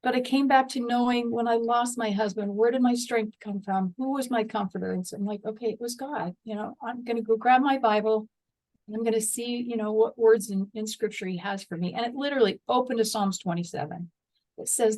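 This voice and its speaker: Woman, middle-aged, podcast guest, earnest heartfelt storytelling, slightly high voice. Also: steady tone, fairly quick, darkish tone, poor audio. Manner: earnest, reads scripture aloud with feeling.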